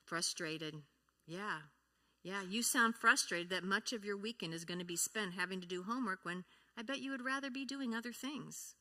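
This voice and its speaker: In a church teaching talk on feelings and grief, a woman with a medium-pitched, bright voice speaks at a moderate pace in a forceful tone. She often poses questions to the audience and performs sample replies.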